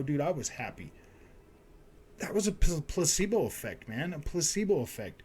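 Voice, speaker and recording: A man's voice: on the high side, darkish tone. A man who runs a gaming and tech channel, ranting to his viewers in a frustrated way, repeating himself and saying "man" and "dude" a lot. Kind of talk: frustrated casual rant to viewers.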